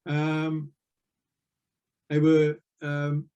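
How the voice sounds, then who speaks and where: A man's voice: on the high side, completely flat delivery, extremely slow, mellow, dull audio. An older man, a retired navy veteran, telling rambling anecdotes with lots of fillers in an interview. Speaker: interview guest. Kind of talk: casual storytelling.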